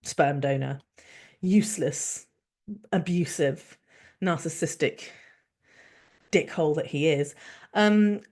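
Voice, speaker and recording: A woman's voice: low-pitched, slow pace, long pauses, darkish tone. A woman, hosting a solo podcast and ranting in an angry, sweary, sarcastic way. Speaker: podcast host.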